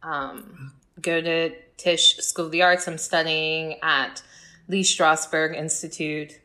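Middle-aged woman guest, low-set voice, lively anecdotes in easygoing chat. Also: slow pace. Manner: animated storyteller, acts out her past self. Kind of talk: casual podcast chat.

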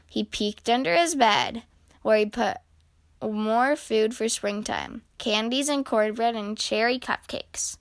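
A woman reading a children's picture book aloud, with expressive storytelling. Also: fairly high pitch, slow, dry recording.

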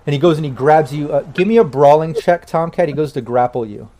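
A man's voice: a little high, fast, warm tone. A man narrating a tabletop game on a stream as game master, in a casual, rambling way.

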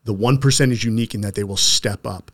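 A middle-aged man with a somewhat low voice hosts a conversational interview. He talks earnestly and often breaks off to restart his sentences. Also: fast. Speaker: podcast host.

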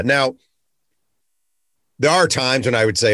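A man's voice: mid-range voice, fairly even intonation, a little slow, long pauses, bright, forceful tone, no room sound, studio quality. A man hosting a podcast interview, talking conversationally and telling examples. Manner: conversational, storytelling. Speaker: podcast host.

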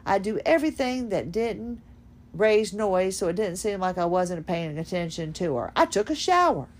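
Fast-talking, folksy woman podcaster. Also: on the low side, a little mellow. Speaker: podcast host. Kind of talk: casual monologue.

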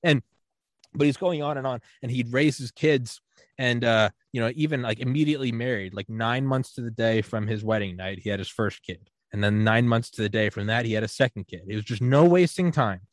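A man in casual podcast chat, rambling through a story with plenty of fillers and laughter. His voice sits at an ordinary middle pitch. The sound is dry and close, with no room around it. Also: brisk, dry recording. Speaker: podcast co-host.

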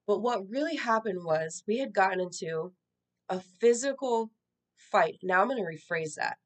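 A woman's voice: medium pitch, expressive, moderate pace. A woman creator speaking candidly and reflectively about her own experiences, in a conversational personal-storytelling style. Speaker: social media creator.

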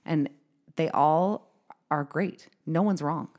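A woman's voice: low-pitched, slow, a little mellow. A woman hosting a podcast in casual conversation, chatty and laughing often as she talks. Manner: chatty, laughs often, quotes herself in asides. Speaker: podcast host.

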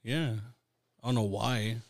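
A man's voice: mid-range voice, a little slow, vocal fry. A man hosting a podcast, chatting casually, teasing his guest and swearing often. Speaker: podcast host. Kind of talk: casual chat.

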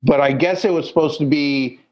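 A man's voice: a little high, a little fast, muffled recording. A man chatting casually as a podcast co-host, rambling and searching for words with many fillers. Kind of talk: casual chat.

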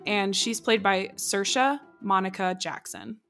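A woman's voice: mid-range voice, takes it slowly, fairly bright tone, soft background music. A woman co-hosting a podcast, recapping a TV show in casual, giggly chat full of fillers. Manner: chatty and giggly, many "like"s. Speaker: podcast co-host.

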